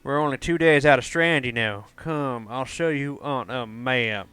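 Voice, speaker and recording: A man's voice: mid-range voice, unhurried, sharp tone, clear, resonant tone, no echo. A man voicing a wry, weary male warrior with a put-on faux Southern accent, reading game dialogue in a drawl. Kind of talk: let's play dialogue reading.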